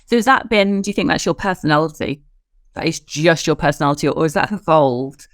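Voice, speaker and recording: A woman interviewer with a slightly low voice, encouraging her guest and affirming what she says. The sound is dry and close to the mic, with no room echo. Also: quick pace. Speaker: interview host. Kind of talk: conversational interview.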